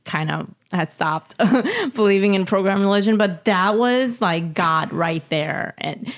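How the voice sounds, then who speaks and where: A woman telling a personal story as a podcast guest, emotional and halting, often laughing. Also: mid-range voice, expressive. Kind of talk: casual interview storytelling.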